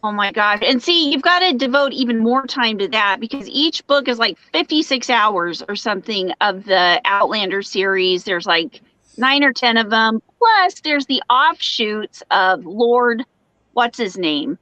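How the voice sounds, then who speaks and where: A woman hosting a live crochet show, chatting casually, going off on quick asides and reading viewer comments aloud. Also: a little high, lively intonation, bright, forceful tone, dry recording, dull audio. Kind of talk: casual chat on a live video call.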